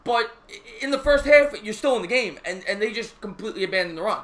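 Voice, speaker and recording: A man co-hosting a casual football podcast, talking fast and reading out comments from the live chat. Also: sits high. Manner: fast, animated, reads the live chat aloud. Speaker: sports podcast co-host.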